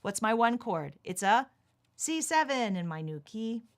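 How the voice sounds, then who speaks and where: A woman's voice: on the high side, big pitch swings, a little slow. A woman teaching a ukulele lesson on a livestream, patiently explaining chords step by step. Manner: calls out chords while strumming. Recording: ukulele playing under the voice.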